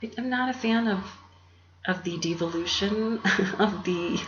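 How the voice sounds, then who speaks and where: A woman hosting her own channel, rambling in a soft, half-whispered, meandering way and laughing often, recorded on a laptop. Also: mid-range voice, unhurried. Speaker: YouTube channel host. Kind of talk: rambling casual monologue. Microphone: laptop mic. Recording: roomy, dull lo-fi with faint hum.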